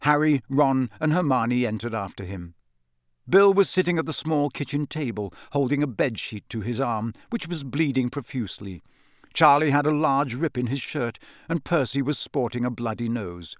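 A man tells an audiobook story from a script, his mid-range voice paced steadily and full of expression. It's a dry recording with a clean studio sound.

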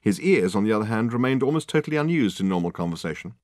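A man narrating an audiobook in a measured, dry storytelling manner. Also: fairly low pitch, animated, darkish tone, dry recording. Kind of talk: scripted narration.

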